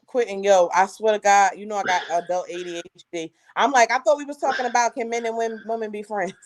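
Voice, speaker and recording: A woman co-hosting a casual podcast chat, telling stories in a lively, slangy way. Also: mid-range voice, fast talker. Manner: animated storyteller, slangy and laughing. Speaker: co-host.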